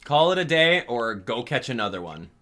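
A man's voice: mid-range voice, lively intonation, fairly quick, bright, forceful tone. Frustrated young man venting over gameplay. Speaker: gaming channel host. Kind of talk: live gameplay commentary.

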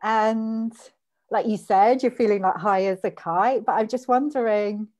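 Woman publisher on a video call, slow soft heartfelt questions. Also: a little high. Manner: soft-spoken, heartfelt, drifts to near whisper. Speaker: publisher interviewing the author. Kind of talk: warm interview on a video call.

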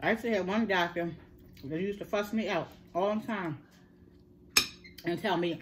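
A woman's voice: on the low side, moderate pace, long pauses, noisy background. A middle-aged woman chatting earnestly to her viewers about her health. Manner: chatty, earnest storytelling, addresses viewers as y'all. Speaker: mukbang vlogger. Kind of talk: casual chat to viewers.

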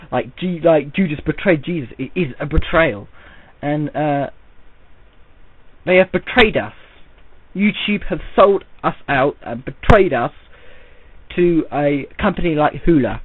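A man's voice: on the high side, animated, measured pace, long pauses, husky, no room sound. A man rambling through an audio-only vlog, working himself up into an indignant rant. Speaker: vlogger. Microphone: voice recorded without camera. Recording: tinny, phone-like lo-fi audio.

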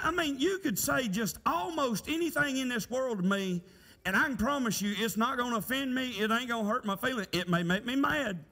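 A middle-aged man preaches in a church, his voice high and bright. He talks plainly and keeps asking the congregation questions. His words ring out with a long hall reverb. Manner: folksy, conversational preaching with rhetorical questions. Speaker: pastor. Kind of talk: sermon. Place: church sanctuary.

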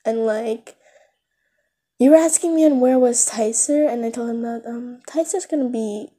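A woman casually narrating a fan story to the listener in a chatty, filler-heavy way. Her voice sits a bit high and she giggles between lines. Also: moderate pace, dark tone.

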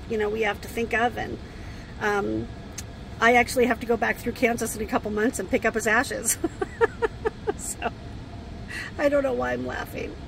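A grieving woman vlogging from inside her RV, speaking haltingly with many pauses and fillers. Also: fairly high pitch, vocal fry, slight background noise, rough recording. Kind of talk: casual talk to camera.

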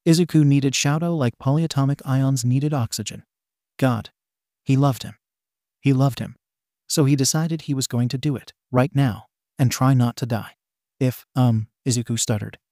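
A man's voice: mid-range voice, a little mellow, no room sound. Man narrating fan fiction, dry voice. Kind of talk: reading fan fiction aloud.

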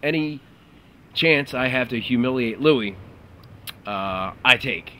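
A man's voice: medium pitch, lively intonation, takes it slowly, sharp tone. A man casually recalling a video shoot in amused, joking stories. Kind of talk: casual behind-the-scenes chat.

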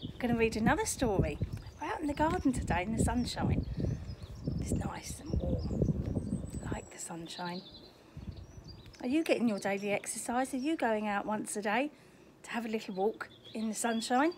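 Reading a picture book to children out in a garden, this older woman sounds expressive and somewhat high, keeping a moderate pace broken by long pauses. In her grandmother-storyteller role she is chatty and sing-song, frequently putting questions to the listener, while background noise and faint birdsong sit behind her.

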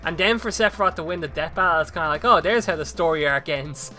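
Man, podcast host, casual chat, rambling, laughs a lot, high bright voice, faint music behind. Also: fast talker. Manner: laughs often, rambling with fillers.

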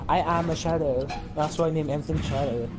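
A man's voice: a little high, fairly even intonation, fast. Rambling joking man over noisy game sound. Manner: rambling absurd jokes, swearing, acting out silly dialogue. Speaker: co-player. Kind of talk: casual gaming banter. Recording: noisy game audio behind voice.

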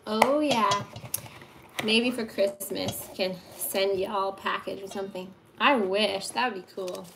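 A woman's voice: medium pitch, steady tone, unhurried, vocal fry. A woman hosting a casual baking livestream from her home kitchen, chatting and laughing at herself as she works. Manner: chatty, laughing, self-deprecating. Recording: noisy kitchen clatter. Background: clattering dishes, pots and pans.

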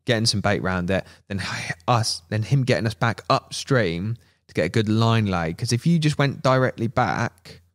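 A man telling a fishing story as a podcast guest, animated, laughing and acting out what people said. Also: on the low side, normal speed. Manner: animated, laughing, acts out quotes. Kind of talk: casual storytelling.

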